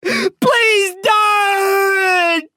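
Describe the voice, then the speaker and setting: Give me a terrified boy shrieking desperate pleas, as a woman reads him, high and strained. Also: steady tone, very slow, pushed and bright, no room sound, raised voice, studio quality, exaggerated voice. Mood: sobbing. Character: terrified young boy screaming in pain.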